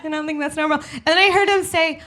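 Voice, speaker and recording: Young woman, stand-up comedian, high voice, chatty and self-deprecating, acts out quoted voices. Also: steady tone, fast, fairly bright tone. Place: small studio with live audience.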